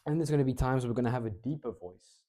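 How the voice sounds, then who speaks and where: Low-voiced and alternating between eagerness and a slow drawl, a man teaches public speaking in an easygoing talk. He wears a clip-on mic.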